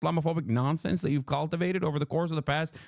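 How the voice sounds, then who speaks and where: A man's voice: on the high side, fairly even intonation, racing, creaky, darkish tone. A man livestreaming a heated, profane rant. He keeps mocking his critics with sarcastic impressions. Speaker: political livestreamer. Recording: played clip inside a reaction stream.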